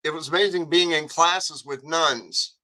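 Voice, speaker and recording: A man hosting a radio show, chatting casually and telling animated stories. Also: a little high, a little slow, a crowd in the background, low-quality recording. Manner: chatty storyteller, animated, laughs often.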